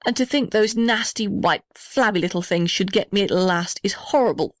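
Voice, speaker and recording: A woman's voice: mid-range voice, normal speed, no echo, clean studio sound, natural voice. A woman playing an old, kindly gum tree. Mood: fretful. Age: older. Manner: gentle, steady. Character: old male gum tree, stiff but kind.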